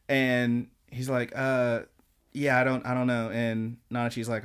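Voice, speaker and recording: Smooth and mid-range, a man's voice moves at a moderate pace as he co-hosts a podcast recapping anime episodes. His casual, rambling retelling is animated, full of the characters' lines acted out.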